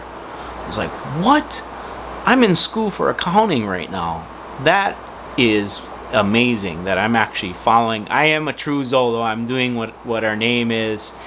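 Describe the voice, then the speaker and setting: A man chats through a personal story for his video channel, drifting and restarting as he goes, with plenty of fillers along the way. His voice sits at an ordinary middle pitch. A faint hum runs under the recording. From United States. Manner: rambling, with many fillers and restarts. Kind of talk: casual storytelling vlog.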